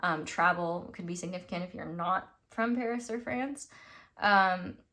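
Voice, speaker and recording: A woman's voice: on the low side, unhurried, sharp tone. A young woman from the United States giving a casual, rambling tarot reading, full of fillers and little laughs. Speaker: tarot reader.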